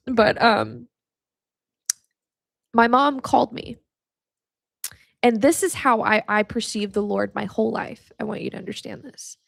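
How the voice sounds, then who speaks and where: Podcast host: a woman with a somewhat high, gravelly voice, frank and heartfelt, recorded dry and close. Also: measured pace, pauses often, dry recording. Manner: candid, swears freely, speaks with emotion; talks straight to the listener, calls them honey. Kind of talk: casual faith teaching.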